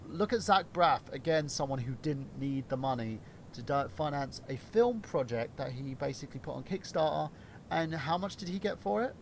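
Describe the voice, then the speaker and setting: A young man with a gravelly, fry-heavy voice chats loosely on a podcast. He swears freely and wanders between topics. A steady rumble and noise sit under the recording. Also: moderate pace. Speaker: podcast co-host. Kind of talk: casual banter.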